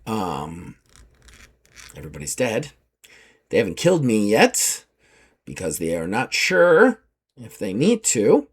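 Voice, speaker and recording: A man's voice: lowish voice, huge pitch swings, slow pace, long pauses, husky, pitched below the performer's own voice, exaggerated voice. A man playing a blunt, wary ship navigator woman.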